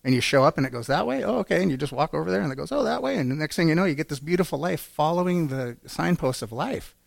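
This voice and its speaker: A man's voice: on the high side, fast, gravelly, no echo. A man giving an earnest personal testimony in a church, telling his story and acting out quotes. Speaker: church speaker.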